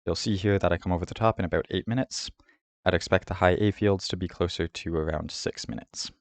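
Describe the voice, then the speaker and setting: A man hosting a route guide, giving a steady, methodical voice-over about a race course. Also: low voice, fairly quick, dry recording. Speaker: host of a cycling route guide. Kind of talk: scripted voice-over over game footage.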